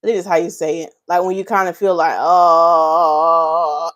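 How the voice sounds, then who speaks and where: Speaking fast in a lowish voice, a woman from North Carolina hosts a casual hair care livestream. She reads comments out loud and ribs the viewers, laughing often and animated, in Southern Black vernacular.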